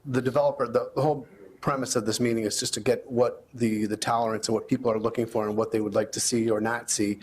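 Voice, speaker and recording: A man runs a village board meeting, asking calmly for comments and explaining the planning process. His voice sits at an ordinary pitch, with faint room noise behind it. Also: quick pace. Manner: calm, plain, inviting speakers up. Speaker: meeting moderator. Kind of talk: public meeting moderation.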